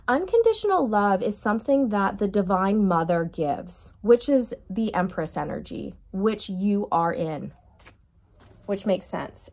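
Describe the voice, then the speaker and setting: A woman gives a casual tarot reading, chatting directly to her viewers and frequently dissolving into giggles and bursts of laughter. Her voice is mid-range with a darkish tone.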